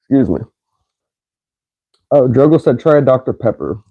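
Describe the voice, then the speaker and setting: A man's voice: medium pitch, very animated, moderate pace, husky, narrow, tinny audio. A man hosting a casual podcast, doing a food taste challenge, laughing often and swearing casually. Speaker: podcast host.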